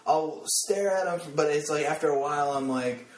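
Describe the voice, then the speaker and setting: A man's voice: on the high side, moderate pace, far from the mic. A man co-hosting a casual podcast, playful and given to dry remarks. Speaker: podcast co-host. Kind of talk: casual chat. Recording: roomy echo.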